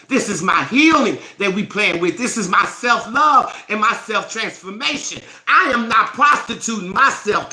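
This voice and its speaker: Woman, live-stream host, angry profane rant, piercing bright voice, roomy echo. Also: mid-range voice. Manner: profane, scolding, forceful. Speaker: host of a self-help live stream challenge.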